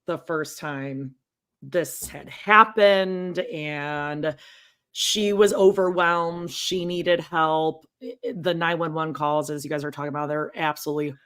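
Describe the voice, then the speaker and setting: A woman with a lower voice co-hosting a chatty podcast. She tells stories with lively retellings and mimics the people she quotes. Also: unhurried. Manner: animated storytelling, imitates people she quotes. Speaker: podcast co-host. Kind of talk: casual chat.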